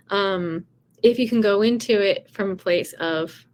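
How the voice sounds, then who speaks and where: A woman's voice: mid-range voice, fairly even intonation, a little slow, a little mellow, slight background noise. A woman vocal coach giving casual, encouraging advice in a chatty way, often saying "you know" and "right".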